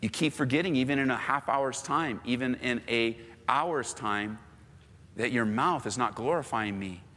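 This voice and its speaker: Man voicing a gentle, patient God. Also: in a large hall, close to an everyday voice. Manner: soft, slow, low and gentle.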